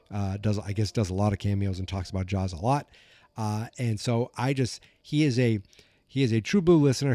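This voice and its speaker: Man, American accent, calm, mellow, dry close sound, podcast host, casual chat. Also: mid-range voice, no room sound. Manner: calm, rambling, self-correcting.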